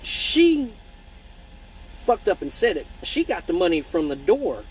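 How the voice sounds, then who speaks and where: A man hosts a casual live-stream Q&A as an exotic dancer, speaking bluntly and swearing freely as he tells animated stories and reads viewer comments aloud. His voice sits high and is husky, with a measured pace and poor audio quality.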